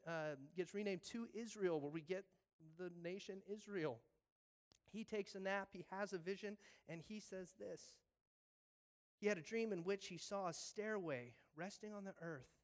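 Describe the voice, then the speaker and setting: A man preaching a sermon in a casual way, acting out the voices of biblical figures. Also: sits high. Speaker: pastor.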